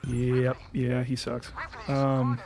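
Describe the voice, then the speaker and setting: A man's voice: medium pitch, completely flat delivery, drawn-out words, darkish tone. A young man streaming a game, chatting in a rambling way, swearing freely and laughing often. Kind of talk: casual chat while playing.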